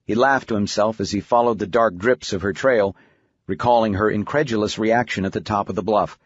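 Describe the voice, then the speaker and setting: Husky male audiobook narrator. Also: on the low side, no room sound. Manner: even, measured storytelling. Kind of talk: scripted narration. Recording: dull, muffled audiobook recording.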